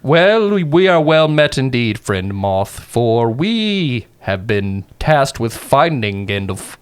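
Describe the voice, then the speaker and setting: A man's voice: medium pitch, sing-song, slow, smooth. A man playing a formal male elf adventurer who speaks in stiff, archaic phrasing. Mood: solemn.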